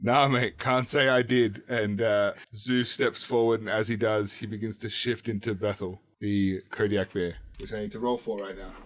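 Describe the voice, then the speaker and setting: A man's voice: on the low side, steady tone. A man playing a tabletop role-playing game, describing his character casually and joking around. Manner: casual, playful, quick to joke. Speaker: player. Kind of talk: tabletop role-play chat.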